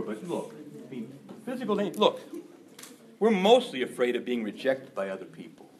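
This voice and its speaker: Man, preacher, sermon, very lively pitch, animated delivery, faint background noise. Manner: animated, acts out gossiping voices.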